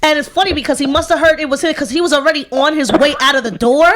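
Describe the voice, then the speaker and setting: A woman hosts a casual online radio show with a notably high voice. She tells stories in an animated way, swears freely and laughs as she talks. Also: rapid-fire, slight background noise. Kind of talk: casual profane chat radio.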